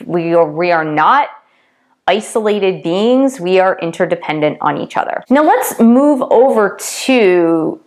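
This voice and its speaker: Woman coach talking it through, stresses words, keeps saying okay and right, jumps loud then soft. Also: mid-range voice. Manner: emphatic, repeats key words, checks in with "okay?" and "right?". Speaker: twin flame coach and tarot reader. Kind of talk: casual teaching monologue.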